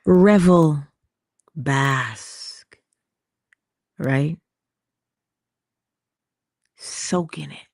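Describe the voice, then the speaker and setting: A woman hosting an inspirational livestream, talking slowly and intimately, dropping into whispers at times and greeting viewers in the chat. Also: low voice, vocal fry, darkish tone, no echo, studio quality. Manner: slow, intimate, drops into whispers. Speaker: motivational livestream host.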